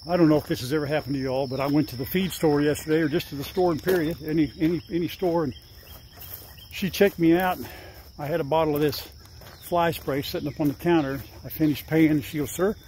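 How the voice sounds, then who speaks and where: A man's voice: fairly high pitch, a little mellow, a little hiss or hum. An older man chatting casually through a farm vlog outdoors, rambling and fondly coaxing his animals. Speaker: farm vlogger. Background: faint insects and crickets.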